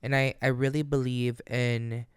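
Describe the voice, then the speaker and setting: A man's voice: medium pitch, level tone, normal speed, clear, resonant tone, dry recording, studio quality. A man hosting his own podcast in a casual solo monologue, speaking emphatically and candidly, swearing freely and addressing listeners directly. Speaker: podcast host.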